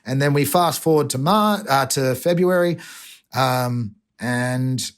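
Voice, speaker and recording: A man's voice: medium pitch, slow, clear, resonant tone. An Australian man, an environmental activist, talking emotionally and earnestly in a podcast interview, often restarting his sentences.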